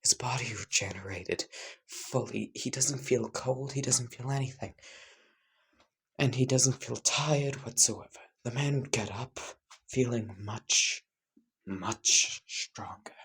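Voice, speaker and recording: A man's voice: mid-range voice, slow, fairly bright tone, husky. A man casually improvising a fan fiction story, rambling with many fillers and dropping into whispers.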